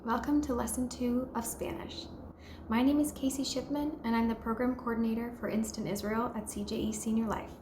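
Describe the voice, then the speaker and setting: A woman giving a slow, patient beginner language lesson, modeling each word and encouraging listeners to repeat after her. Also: on the high side, flat delivery, darkish tone, slight background noise. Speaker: language teacher. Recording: echoey room with faint ambience.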